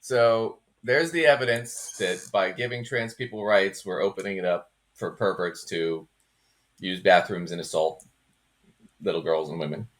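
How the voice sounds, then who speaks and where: A man's voice: low-pitched, moderate pace. A man hosting a reaction show, commenting on clips in a dry, mocking tone. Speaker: commentary host.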